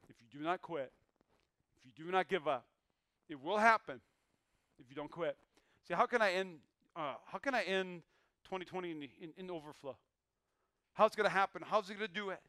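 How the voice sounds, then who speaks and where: A male pastor preaching a sermon, emphatic, repeating his lines and breaking into sudden loud bursts. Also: sits high, a little fast, long pauses, no echo.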